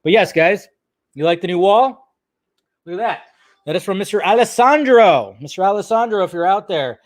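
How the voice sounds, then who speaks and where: A man's voice: high-pitched, lively intonation, normal speed, no room sound. Upbeat man hosting a live stream. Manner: loose and profane, greeting chat viewers by name. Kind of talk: casual live stream chat.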